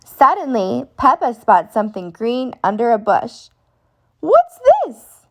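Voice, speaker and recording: A woman reading a children's storybook aloud, slow, expressive and clear for young listeners. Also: fairly high pitch.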